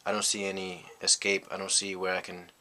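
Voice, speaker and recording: Low, flat-voiced young man telling a story. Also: fairly quick. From United States. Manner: rambling, reflective, heavy on "you know" fillers. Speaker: vlogger. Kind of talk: casual storytelling monologue.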